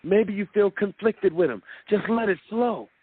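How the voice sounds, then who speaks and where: With a high-pitched, slightly rough voice and lively intonation, a man gives a preacher-style motivational speech at a moderate pace. He repeats words and performs the voices he quotes, and the recording sounds dry and tinny, like a phone.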